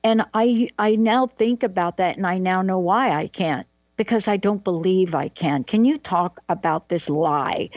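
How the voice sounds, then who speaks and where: A woman's voice: fairly low pitch, a little mellow, dry recording, lo-fi sound. A woman co-hosting a radio talk show, telling stories and affirming her guest. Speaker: co-host.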